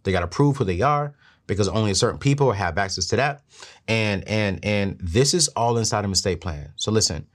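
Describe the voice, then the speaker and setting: A middle-aged man hosting a show and giving money advice in an earnest, preachy way that climbs higher when he presses a point. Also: brisk. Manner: earnest, preachy, rises in pitch when emphatic. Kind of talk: motivational talk to camera.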